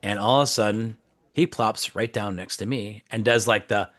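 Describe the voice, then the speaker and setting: In a dry, studio-quality recording, a male actor and comedian relates a story at normal speed. His delivery is casual and animated, and he performs each quote with large leaps in his voice.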